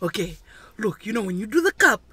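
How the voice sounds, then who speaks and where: A woman in her thirties from Fiji, hosting a casual chat and telling family stories with lively mimicry. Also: medium pitch, brisk, slightly rough, dry recording. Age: 30s. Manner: animated storyteller who mimics her dad. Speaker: host.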